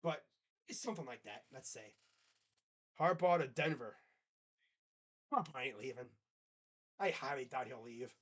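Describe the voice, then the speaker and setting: A man's voice: measured pace, long pauses. A man doing casual live play-by-play on a reaction stream, chatting with viewers between calls. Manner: casual, chatty, reads and answers live chat; excited play calls mixed with low asides. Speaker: sports streamer.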